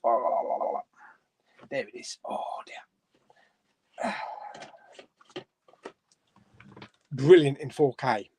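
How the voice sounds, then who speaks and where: A man's voice: mid-range voice, extremely slow, pauses often, mellow, a little hiss or hum. Chatty man hosting a live stream. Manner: chatty, chuckling, reads comments aloud. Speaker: host of a live chat stream. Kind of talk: casual live-stream chat reading viewer comments. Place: home room.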